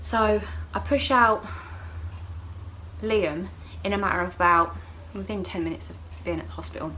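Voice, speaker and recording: A woman's voice: moderate pace, a little hiss or hum, low-quality recording. A young woman vlogging, telling a personal story in a casual, chatty way and acting out what people said with big jumps in voice. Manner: animated, acts out voices of others with sharp jumps in pitch and loudness.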